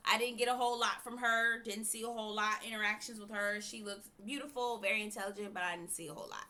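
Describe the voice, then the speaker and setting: A woman with a bright, forceful voice reviews TV in a frank, chatty way. She is blunt and opinionated, and her pitch sits in the middle range. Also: steady tone, fast. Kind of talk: casual opinionated commentary.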